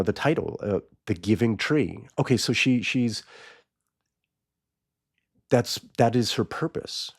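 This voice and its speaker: A man's voice: on the low side, darkish tone. A man hosting a podcast, casually retelling a children's book and musing as he goes, often restarting and repeating words. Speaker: podcast host.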